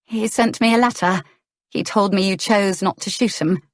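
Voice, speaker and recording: A woman narrator voicing an earnest young noblewoman, speaking in a higher, questioning tone. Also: normal speed, no room sound, clean studio sound, natural voice.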